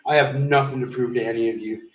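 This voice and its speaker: Here the vlogger talks fast in a steady, mid-range voice, chatting casually through a meandering story full of swearing and trailing fillers. There's a roomy echo, and he's distant from the mic.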